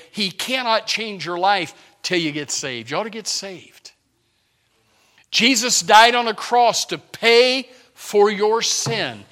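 A pastor delivers his sermon in a high, ringing male voice. He preaches with passion, rising to near-shouts and then dropping to hushed whispers.

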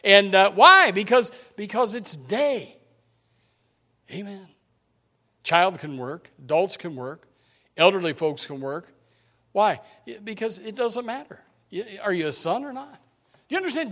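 High voiced pastor guy preaching in church, big swings loud to soft. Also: animated, unhurried, pauses often. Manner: emphatic preaching with sudden loud and quiet swings. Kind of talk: sermon. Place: church sanctuary.

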